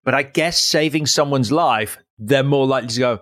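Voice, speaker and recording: A man's voice: mid-range voice, moderate pace, fairly bright tone. A man hosting a podcast, steering a casual interview with playful guiding questions and easy hesitations. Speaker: podcast host.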